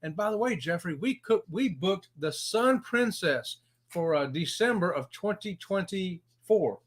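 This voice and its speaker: A man's voice: high voice, expressive, a little slow. A man co-hosting a casual cruise livestream, reading viewer comments in a folksy, upbeat way. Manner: folksy and upbeat, says y'all and howdy. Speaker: co-host of a cruise channel livestream.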